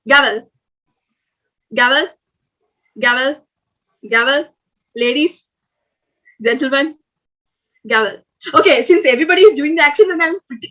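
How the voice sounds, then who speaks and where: A young Sri Lankan woman hosts a casual online game for new students at a student club orientation, chatty, upbeat and coaxing, with plenty of fillers. Her voice is high-pitched and fairly bright. The low-quality recording comes through a video call.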